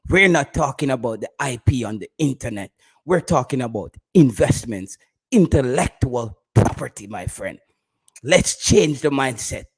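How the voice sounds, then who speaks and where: A man's voice: medium pitch, lively intonation, moderate pace, breathy edge. A man with a Jamaican accent, hosting a casual live stream about football, bantering with his chat and laughing often.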